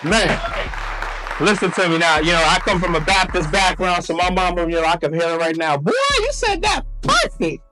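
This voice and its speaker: A man's voice: a little high, little pitch movement, brisk, music in the background. Fired-up motivational speaker man. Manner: hype, call-and-response with the crowd. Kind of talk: energetic stage talk. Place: hotel event hall with a live audience.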